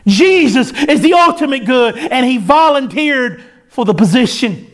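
A man's voice: extremely high pitch, animated, a little slow. A man preaching a sermon, in an impassioned cadence that rises and falls.

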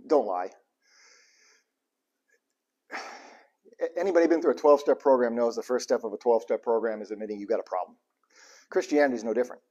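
A man's voice: medium pitch, a little mellow. Irreverent joking male preacher. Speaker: pastor. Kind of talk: sermon.

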